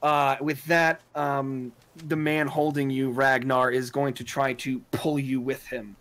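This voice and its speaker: A man narrating as game master of a tabletop role-playing game, halting often with fillers and restarts. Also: medium pitch, flat delivery, fairly bright tone.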